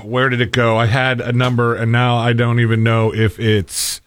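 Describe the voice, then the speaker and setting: A man's voice: medium pitch, flat delivery, normal speed. A man co-hosting a casual chat, making wry, teasing remarks. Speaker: podcast co-host.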